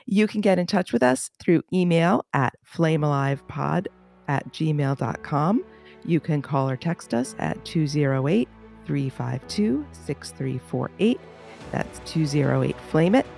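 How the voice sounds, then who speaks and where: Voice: medium pitch, lively intonation, unhurried, gravelly, a little mellow, faint music behind. A podcast co-host chatting casually, joking and playful.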